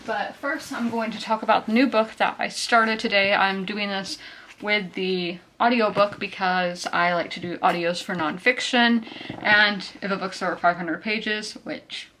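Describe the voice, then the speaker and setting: A woman's voice: mid-range voice, steady tone, a little slow, bright, forceful tone, slight background noise. A woman, a bit out of breath, chatting and rambling casually in a book vlog. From South Carolina. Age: 20s. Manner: chatty and rambling, full of fillers. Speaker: book vlogger. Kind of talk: casual chat.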